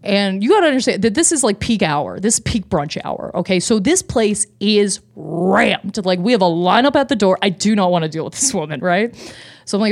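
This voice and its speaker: Woman podcast co-host, comic storyteller, lively and loose, swears a lot, mid-range voice. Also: mid-range voice, fairly quick. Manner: animated, swears freely, laughs often. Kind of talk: casual comedic storytelling.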